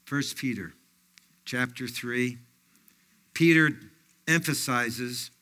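A man's voice: a little high, sharp tone. An older man giving a folksy sermon, often dropping in fillers and personal stories. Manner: folksy, anecdotal preaching with frequent fillers. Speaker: pastor.

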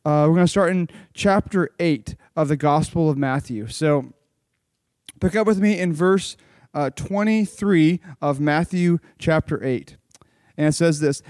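A man giving a lively children's sermon, reading a Bible passage and retelling it in casual, animated storytelling with lots of "like". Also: a little high, a little slow, no room sound, clean studio sound. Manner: casual, uses "like" often. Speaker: children's pastor.

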